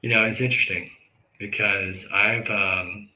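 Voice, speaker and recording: Guy hosting a live show, talking straight from the heart, real bright voice, gets loud out of nowhere. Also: on the low side, fairly even intonation, muffled recording. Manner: earnest, conversational, with sudden loud outbursts and quick asides. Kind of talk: candid talk to camera about grief and forgiveness.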